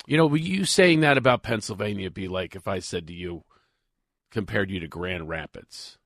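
A comedian from Philadelphia, USA, with a Philadelphia accent, is a guest on a studio talk show, telling jokes and stories in punchy bursts. His voice is deep and moderately paced, with no room sound. His delivery is punchy and his storytelling animated, making for studio chat full of comic tales.

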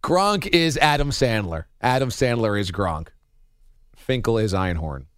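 Wry sports talk host, dry close sound. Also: male voice, mid-range voice, animated, measured pace, a bit bright, smooth, no room sound. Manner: wry, joking, rattles off stats. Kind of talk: casual sports talk commentary.

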